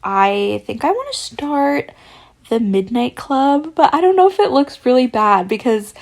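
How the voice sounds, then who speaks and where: A woman's voice: high-pitched, very animated, measured pace. A young woman hosting a podcast, chatting casually and retelling a spooky story with lots of filler words. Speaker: podcast host.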